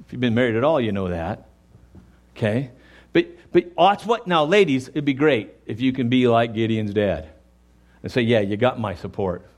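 A pastor with an animated, medium-pitched voice preaches a sermon at a moderate pace. He speaks emphatically, addresses the congregation directly, and sometimes acts out quoted voices in dialogue.

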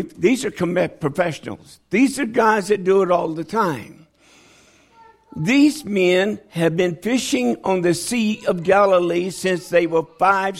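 A man delivers a sermon at a slow, deliberate pace, his voice rough and gravelly and pitched a little high. He sinks low and hushed, then climbs into loud, high pleading as he acts out the people in his story. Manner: animated, swings from low and quiet to loud high pleas. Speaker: preacher.

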